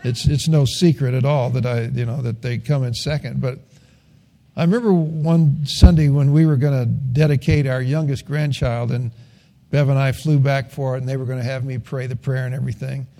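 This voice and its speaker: A man's voice: medium pitch, fairly even intonation, moderate pace, vocal fry, mellow. An older man preaching a sermon, telling folksy stories and rising to earnest emphasis. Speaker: pastor.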